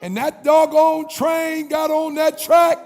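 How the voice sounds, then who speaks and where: A man's voice: very high-pitched, little pitch movement, slow pace, creaky, darkish tone. A man giving a rousing commencement speech as a motivational speaker, preaching with call-and-response chants. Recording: long hall reverb, faint music.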